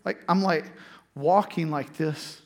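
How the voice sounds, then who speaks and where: A man's voice: a little high, takes it slowly, darkish tone. A man preaching, telling a personal story in a conversational way before turning to scripture. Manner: conversational storytelling, frequent restarts. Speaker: pastor.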